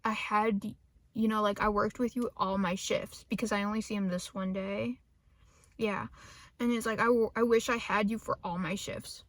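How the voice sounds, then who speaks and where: A woman's voice: mid-range voice, steady tone, moderate pace. Young woman rambling in a vlog. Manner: joking, self-mocking, drops into whispers. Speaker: vlogger.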